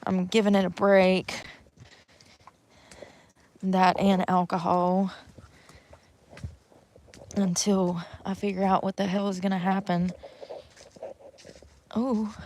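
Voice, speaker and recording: A woman's voice: medium pitch, flat delivery, slow pace, long pauses, a little mellow, slight background noise, poor audio. A young woman chatting casually to viewers on a live stream from outdoors in the snow, swearing freely as she talks. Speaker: livestreamer.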